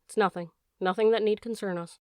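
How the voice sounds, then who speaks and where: An old stag speaks in a calm, steady way, unworried by the noise outside, read by a woman narrator. The sound is dry and close, in the style of a storybook audiobook. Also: mid-range voice, a little fast, no room sound, close to an everyday voice. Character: old male deer, calm and reassuring.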